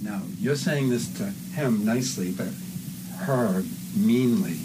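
A man with a fairly low voice guides actors through their lines in a relaxed, coaching way. He often acts out the readings himself. The recording is noisy. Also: takes it slowly. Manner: casual, coaching, gives line readings. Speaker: voice director. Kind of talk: directing a recording session.

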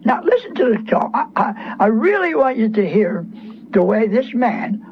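A man preaching over the radio in a fervent, scolding way, hammering points home by saying them twice. His voice sits high for a man. The broadcast sounds muffled, with a faint hiss underneath. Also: very animated, moderate pace. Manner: fervent, scolding, repeats phrases for emphasis. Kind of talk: radio sermon.

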